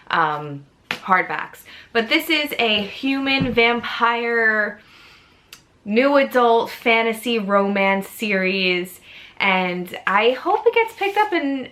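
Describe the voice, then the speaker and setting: A woman's voice: medium pitch, pushed and bright. A woman in her thirties with a New York accent, chatting casually as a book vlogger, rambling and gushing and often laughing. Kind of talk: casual chat.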